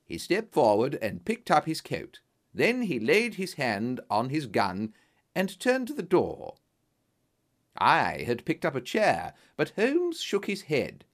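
Man narrating with a very animated pitch. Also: slow. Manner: expressive, dramatic reading. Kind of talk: scripted storybook narration.

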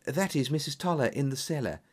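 A man's voice: medium pitch, expressive, a little fast, slightly rough, pitched above the performer's own voice. A man voicing a frightened young woman, a governess in an audiobook story, speaking anxiously and urgently.

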